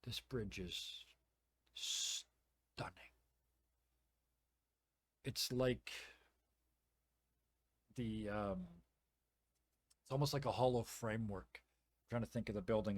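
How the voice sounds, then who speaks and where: A man's voice: lowish voice, takes it slowly, long pauses, no room sound. A man narrating as game master of a tabletop game, vivid and playful with sound effects.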